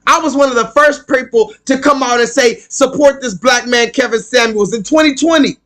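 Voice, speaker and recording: A man with a strikingly high-pitched voice holds forth on a live stream. He rants with heat and plenty of swearing, hammering his points again and again. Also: normal speed, fairly bright tone. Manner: heated, profane, emphatic, repeats himself. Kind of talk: ranting live stream monologue.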